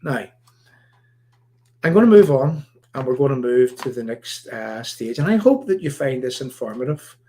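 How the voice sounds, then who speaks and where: A man from Ireland, hosting a political commentary livestream in an emphatic, repetitive, halting way. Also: mid-range voice, lively intonation, dark tone. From Northern Ireland. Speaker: livestream host.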